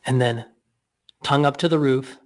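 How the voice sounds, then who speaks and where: A man leading a guided breathing and mouth exercise, giving slow cues with playful asides. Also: medium pitch.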